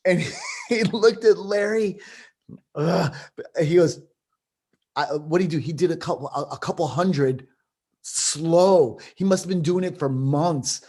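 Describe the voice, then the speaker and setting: A man's voice: a little high, unhurried, darkish tone. A man, a martial arts instructor, talking casually in a group conversation, restarting his sentences as he thinks aloud. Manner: rambling, repeats words while thinking aloud.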